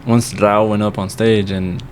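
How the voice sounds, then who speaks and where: A young man with a low voice tells a long, rambling story on a podcast, swearing often and slipping into Spanish now and then. There is faint ambient noise under his voice. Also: little pitch movement, a little slow, darkish tone. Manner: rambling, swears freely, mixes in Spanish phrases. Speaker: podcast guest. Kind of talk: casual storytelling chat.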